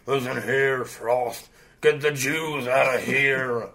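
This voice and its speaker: Man doing a gruff slow old politician. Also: steady tone, pushed and bright. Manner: slow, low, drawn-out. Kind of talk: comedic impression.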